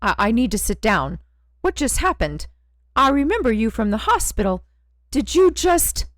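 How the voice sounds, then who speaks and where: A woman's voice: a little high, sing-song, normal speed, fairly bright tone, dry recording. A woman voicing a frightened, stammering young man with a split personality in an audiobook. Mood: bewildered. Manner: stammering, pleading. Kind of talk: audiobook character reading.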